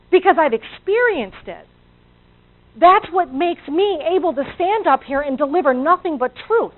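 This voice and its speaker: A woman giving a motivational talk to a live audience, acting out inner voices and asking the audience questions. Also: high-pitched. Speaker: motivational speaker. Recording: tinny, phone-like audio.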